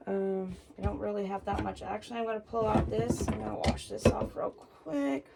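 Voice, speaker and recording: In a noisy home kitchen, a woman runs through a cooking demo in a casual, chatty way, a little out of breath. She narrates her own steps and speaks to viewers as "guys," her mid-range voice at normal speed with vocal fry.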